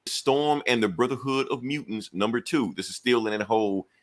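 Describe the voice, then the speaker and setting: A man with a mid-range voice reviews a comic book casually. He's animated, acting out scenes with quick voices.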